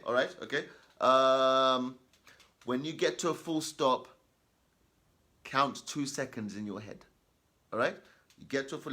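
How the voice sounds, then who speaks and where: Animated man teaching kids to read aloud. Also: medium pitch. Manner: emphatic, repeats okay and all right constantly; reads example sentences slowly and deliberately. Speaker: teacher giving reading tips. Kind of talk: lesson to children on reading aloud.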